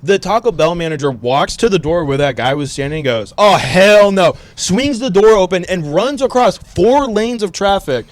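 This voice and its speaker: A man's voice: high-pitched, expressive, moderate pace, few pauses, dry recording. Profane, rambling man telling a story. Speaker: podcast co-host. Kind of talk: casual storytelling chat.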